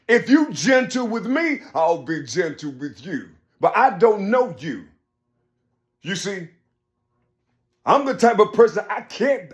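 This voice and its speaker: A man's wandering personal monologue is peppered with "you see." He often trips up and starts over, his volume rising from low murmurs to sudden emphatic bursts.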